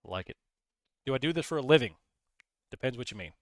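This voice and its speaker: A man's voice: mid-range voice, animated, fast, no room sound. Man casually chatting on a livestream. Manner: rambling, reads chat aloud, talks through trades. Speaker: livestream host. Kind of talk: casual live-stream chat.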